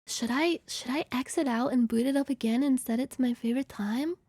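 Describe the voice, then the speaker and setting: A woman streamer chatting casually while playing a game, excitable and rambling, who swings into mock-angry cursing rants. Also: high-pitched, fairly quick, no echo. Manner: rambling, giggly tangents.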